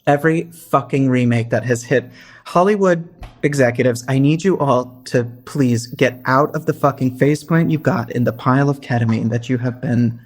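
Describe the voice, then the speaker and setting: A man co-hosts a podcast in casual conversation, speaking at a moderate pace in a mid-range voice. He's wry and theatrical, slipping into sarcastic rants.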